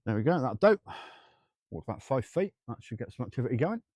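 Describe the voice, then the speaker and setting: A man broadcasts a live ghost hunt at night by old railway tracks, chatting to viewers with rambling jokes and greetings by name while his throat feels sore and dry. His medium-pitched voice is sing-song, fast, a little mellow and slightly rough, recorded without echo.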